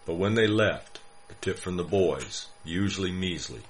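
A man's voice: low voice, expressive, moderate pace, a little hiss or hum. A man narrating a short story in a scripted reading, telling it with dry, wry humor.

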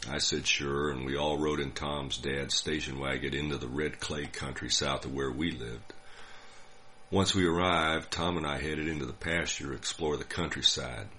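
An older man from the United States telling a personal story in a dry, wry, unhurried way. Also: extremely low pitch, pushed and bright, a little hiss or hum. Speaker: narrator. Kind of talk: scripted storytelling.

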